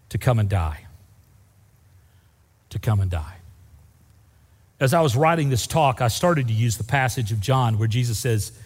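A pastor with a lowish, slightly mellow, husky voice preaches a sermon, telling folksy stories, saying "y'all," and speaking directly to the congregation. He's in a church sanctuary, and the large hall gives a long reverb.

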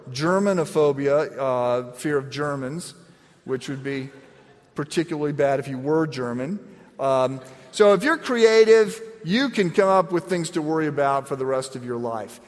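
A middle-aged man preaching a sermon in a conversational, self-deprecating way, often repeating words as he starts a thought. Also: mid-range voice. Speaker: pastor. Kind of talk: sermon with personal story. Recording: echoey hall.

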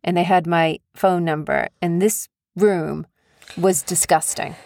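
A woman's voice: on the low side, steady tone, a little slow, a little mellow, no room sound, clean studio sound. A mother casually telling her young son a family story, chatty and rambling, acting out quotes with animation. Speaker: mother and vlogger.

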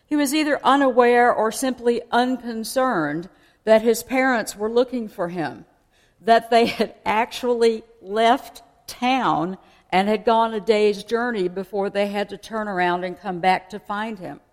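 A woman's voice: a little high, unhurried. A woman preaching a sermon in a conversational way, explaining and asking her listeners questions. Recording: long hall reverb.

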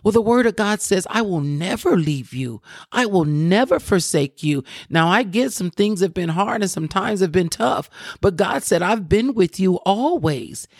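A woman preaching an encouraging sermon, fervent, often breaking into praise and slowing down to read scripture aloud. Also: medium pitch, lively intonation, darkish tone, no echo, studio quality. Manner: fervent, repeats praise exclamations. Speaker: preacher and podcast host.

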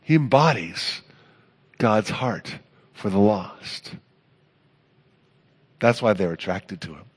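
A man preaching a sermon as pastor, earnest, building to emphatic peaks and then dropping soft. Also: lowish voice, animated, slow pace, pauses often, slightly rough.

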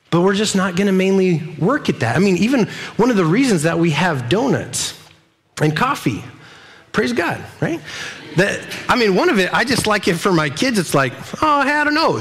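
A man preaching a sermon at a church service, animated and jokey. His voice sits high and swings widely in pitch. He acts out little voices as he talks. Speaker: pastor. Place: church service with a live audience.

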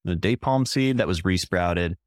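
Low-voiced rambling man. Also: moderate pace, dry recording. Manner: rambling, hesitant, fond of trivia. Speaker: podcast co-host. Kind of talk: casual chat.

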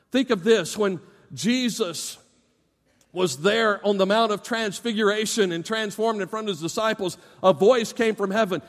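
Middle-aged pastor preaching in an echoing hall. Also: male voice, high-pitched, normal speed. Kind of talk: sermon. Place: church sanctuary. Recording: long reverb of a large church hall.

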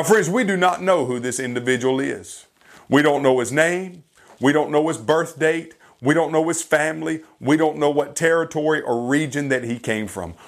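A man preaching a sermon as a pastor, impassioned and building to fervent bursts. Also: fairly high pitch.

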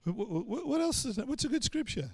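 Australian man, pastor preaching, high voice, dry close sound, animated, acts out quotes. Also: quick pace, vocal fry, slightly rough, no room sound. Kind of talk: sermon.

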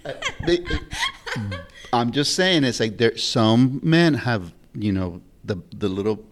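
A man hosting a podcast who speaks in a halting, thoughtful way with frequent restarts. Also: medium pitch, lively intonation. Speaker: podcast host. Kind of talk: casual podcast chat.

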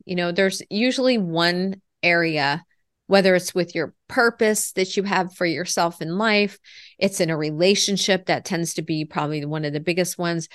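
A woman's voice: on the low side, dry recording. Earnest woman coach, dry close sound. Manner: earnest, reflective, many "you know" asides. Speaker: lifestyle coach. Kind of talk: podcast interview answers.

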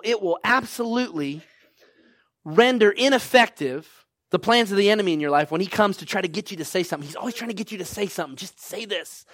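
A man's voice: high-pitched, a bit bright, no room sound. A man preaching a sermon to his congregation, exhorting them and asking "right?" and "come on now" over and over. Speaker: pastor.

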